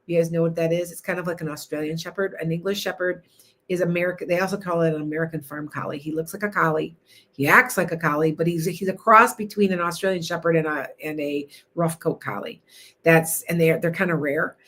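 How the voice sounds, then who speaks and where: A woman's voice: lowish voice, fairly even intonation, fairly quick, a bit bright. An older woman hosting a live stream, chatting in a rambling, self-interrupting way. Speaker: livestream host. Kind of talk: casual live-stream chat.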